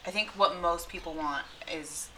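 Bright-voiced woman chatting casually. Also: on the low side, normal speed, a little hiss or hum, low-quality recording. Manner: chatty, swears casually, trails off and restarts. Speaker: podcast host. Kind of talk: casual chat.

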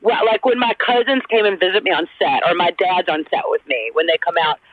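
A woman from Alabama with a Southern accent, a guest chatting in an animated, rambling way. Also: on the low side, a little fast, no echo. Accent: Southern American. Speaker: actress guest. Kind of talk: casual chat. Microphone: phone call. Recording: dry, tinny phone line.

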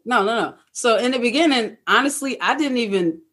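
A guest in a casual interview, telling stories in an animated way, acting out past thoughts and leaning on fillers like "you know what I mean". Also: medium pitch, brisk. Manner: animated, acts out own past thoughts in quotes. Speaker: guest, truck owner-operator.

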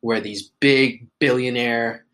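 A man's voice: medium pitch, steady tone, takes it slowly, a bit bright, low-quality recording. A man hosting a podcast solo, talking in a laid-back, joking, profane way. He has just woken up and coughs now and then. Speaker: podcast host. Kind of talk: casual podcast monologue.

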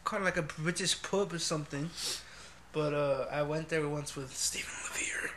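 A man co-hosting a podcast, talking in an animated, profane, slangy way. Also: on the high side, normal speed, slight background noise. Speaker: podcast co-host. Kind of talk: casual chat.

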